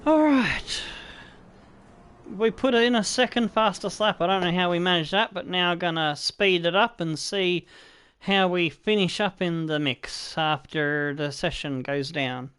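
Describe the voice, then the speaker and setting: An Australian man commentating his own racing game play, animated and swearing, talking to the car as he drives. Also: sits high, moderate pace, few pauses, clean tone, no room sound. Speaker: gaming video creator.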